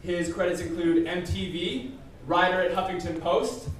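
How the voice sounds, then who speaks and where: A man's voice: sits high, moderate pace. A man hosting a comedy show, introducing the next comedian in a playful, hype-building way on a club stage. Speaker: host. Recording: echoey stage from far off, crowd noise.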